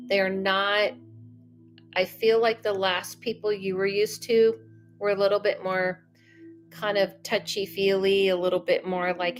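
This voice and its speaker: A woman's voice: mid-range voice, unhurried. Chatty woman medium, faint music behind. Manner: chatty and animated, self-interrupting. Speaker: psychic medium doing live readings. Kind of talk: casual livestream chat.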